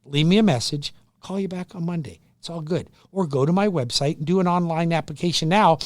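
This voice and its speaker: A middle-aged man hosting a radio show, loud and pushy, joking at his own expense and going a bit hoarse from yelling. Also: fairly high pitch, fairly quick, hardly any pauses, dry recording, clean studio sound. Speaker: radio show host, mortgage lender. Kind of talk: energetic radio sales pitch. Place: radio studio.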